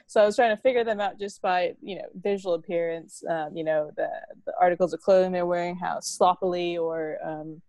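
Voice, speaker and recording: A woman's voice: on the low side, fairly even intonation, fairly quick, few pauses, a little mellow, no echo. A woman in casual conversation, chatty and laughing, with lots of fillers and restarts. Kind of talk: casual chat.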